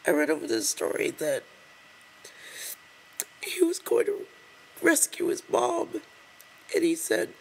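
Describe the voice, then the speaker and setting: A woman reading an open letter aloud to the camera while crying, halting and breaking off to apologize. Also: sits high, wildly swooping pitch, vocal fry, a little mellow, a little hiss or hum, low-quality recording. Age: adult over 20. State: crying, tearful. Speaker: vlogger.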